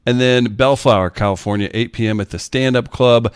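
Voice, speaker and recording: Smooth-voiced man plugging shows. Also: mid-range voice, steady tone, a little fast, no room sound, clean studio sound. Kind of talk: casual announcement.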